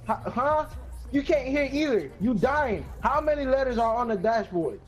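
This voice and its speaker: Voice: mid-range voice, lively intonation, normal speed, soft background music, lightly acted. Player voicing a mouthy cussing teen grandson. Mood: bossy. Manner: bossy, cussing, blunt. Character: mouthy fourteen-year-old grandson, bossy and quick to cuss. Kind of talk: game role-play. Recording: muffled lo-fi mic.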